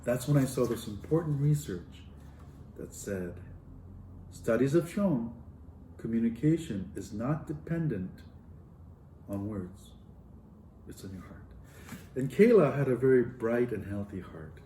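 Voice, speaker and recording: A man's voice: mid-range voice, big pitch swings, measured pace, pauses often, mellow, distant mic, a little hiss or hum. A man who is a professor, telling a story to a live audience and acting out the dialogue with big swings in his voice. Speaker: professor and speaker. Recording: roomy hall echo.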